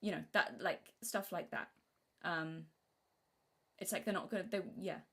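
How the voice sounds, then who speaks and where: A young woman from Britain talking casually on a live stream, rambling and restarting her sentences, sometimes acting out what she said as a child in a high voice. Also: fairly even intonation, unhurried, fairly bright tone. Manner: rambling, self-interrupting, acts out childhood quotes in a high voice.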